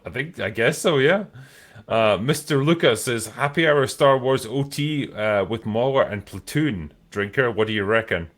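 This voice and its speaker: A Scottish man with a voice of ordinary pitch hosts a casual podcast. He reads viewer questions aloud in a relaxed way and drops swear words freely into his chat. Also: normal speed. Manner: laid-back, swears freely. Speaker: podcast host.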